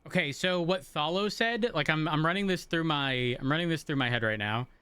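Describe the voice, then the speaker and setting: A man chats casually with his viewers while he plays, talking in a bright, somewhat high voice. He rambles and restarts his explanations as he goes, speaking into a desk mic. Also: a little fast, clean tone, no echo. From rural area, then a city. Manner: rambling, self-interrupting explanations. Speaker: streamer.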